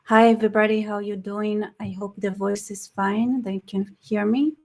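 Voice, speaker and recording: A tired, slightly hoarse woman hosting a casual live stream, rambling with frequent restarts and reading chat comments aloud. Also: mid-range voice, steady tone, moderate pace, darkish tone. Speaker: livestream host.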